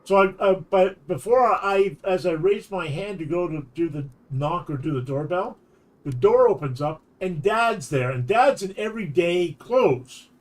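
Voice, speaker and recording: This man streams while telling a long anecdote, his high-pitched, expressive voice moving a little slowly. He rambles casually and keeps restarting his sentences.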